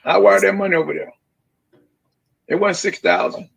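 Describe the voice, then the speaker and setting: This is a man calling in to a talk show as a grieving father, heard over a muffled phone line. His voice is gravelly and husky. He speaks bluntly and keeps repeating his accusations. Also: high-pitched, steady tone, moderate pace, a bit bright.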